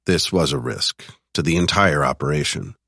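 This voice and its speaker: Male thriller narrator with an extremely deep voice, recorded in a dry studio. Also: normal speed, creaky, sharp tone, husky, dry recording. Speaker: audiobook narrator.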